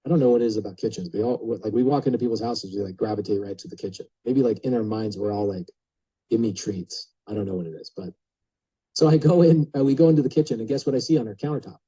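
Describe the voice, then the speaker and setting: A man telling an animated story to a group, casual and full of filler words, acting out the people in it. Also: lowish voice, very fast, slightly rough, dry recording, low-quality recording. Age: adult. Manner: lively, acts out quoted voices, casual filler words. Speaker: speaker telling a real estate story to a group.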